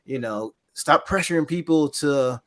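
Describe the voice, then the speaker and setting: A man's voice: fairly high pitch, measured pace. A man talking as a guest on a casual gaming podcast, earnest and rambling with many restarts. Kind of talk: casual chat.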